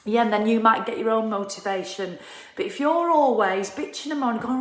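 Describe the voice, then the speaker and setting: A woman talks straight to camera in a casual motivational rant, blunt and animated, with the odd swear and a laugh at herself. Her voice sits a little high, and the room gives it a clear echo. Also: fairly quick. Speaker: motivational vlogger.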